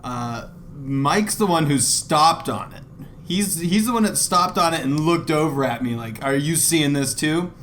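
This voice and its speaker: A man on a casual podcast, deadpan humor and sheepish laughter. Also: a little high, unhurried, slight background noise. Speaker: podcast co-host.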